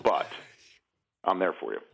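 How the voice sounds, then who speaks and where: A man's voice: unhurried, low-quality recording. A man joking around as a radio show guest, rambling with many restarts. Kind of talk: casual radio chat.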